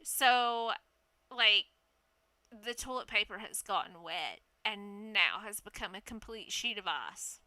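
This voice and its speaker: A woman telling a story casually, animated and laughing, swearing freely. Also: mid-range voice, slow pace, no room sound.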